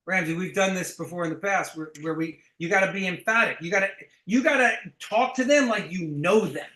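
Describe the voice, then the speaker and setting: A man with a high, bright and sharp voice coaches a sales team. He talks bluntly and emphatically and swears casually. The room sounds roomy and echoing. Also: brisk.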